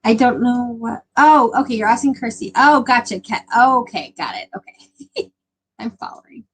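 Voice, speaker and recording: A woman's voice: on the high side, moderate pace, breathy edge, rough recording. A young adult woman chatting casually with her live stream viewers, rambling with lots of filler words.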